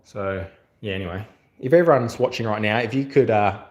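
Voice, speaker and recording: An Australian channel host talks briskly in a fairly low voice during his livestream. Recorded in an echoey room, he chats casually and rambles with lots of fillers while reading viewer comments out loud.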